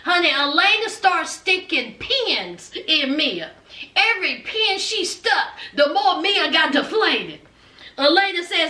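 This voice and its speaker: Bright, animated woman recapping a show. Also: very high-pitched, slow pace. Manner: chatty, animated, keeps calling viewers "honey" and "child". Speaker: TV episode reviewer. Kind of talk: casual episode recap. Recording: roomy, distant from mic.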